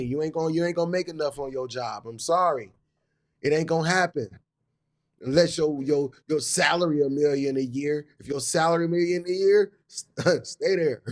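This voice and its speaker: A man hosting a live business stream, talking in a hyped, repetitive way with casual slang. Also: on the high side. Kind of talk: motivational live talk.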